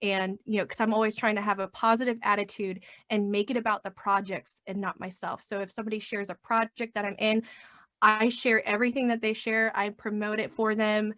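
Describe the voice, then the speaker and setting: A woman's voice: mid-range voice, flat delivery, fairly quick, a bit bright, no echo. Woman, podcast guest, casual chat, upbeat, acts out quotes, dry close sound.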